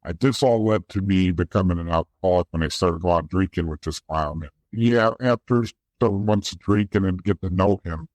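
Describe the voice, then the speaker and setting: A man's voice: low-pitched, a little fast, few pauses, darkish tone, no room sound. A man from the East Coast, a guest in an interview, telling his story candidly in a blunt, profane way that often restarts. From East Coast of the United States.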